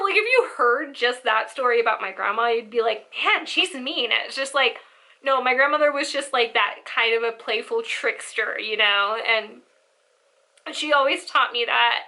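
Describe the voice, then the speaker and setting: Young woman, casual storytelling, animated, acts out relatives, high pitch. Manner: animated, acts out family members' lines. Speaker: storyteller vlogger.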